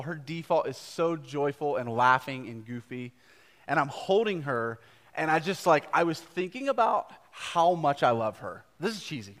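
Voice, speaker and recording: Earnest young pastor in a reverberant church. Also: male voice, a little high, a bit bright. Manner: conversational, earnest, with asides to the congregation. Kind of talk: live sermon. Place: church gathering before a congregation. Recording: live church recording with long hall reverb.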